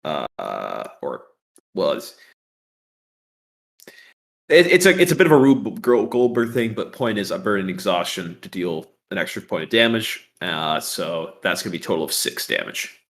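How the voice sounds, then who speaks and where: Man, player, low voice, hesitant, thinks out loud. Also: very animated, creaky. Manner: halting, thinking aloud. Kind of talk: casual tabletop play.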